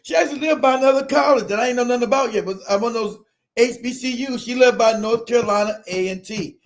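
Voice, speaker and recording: High-voiced animated storyteller, profane and laughing. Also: male voice, fast. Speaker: streamer telling a personal story. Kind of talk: casual storytelling.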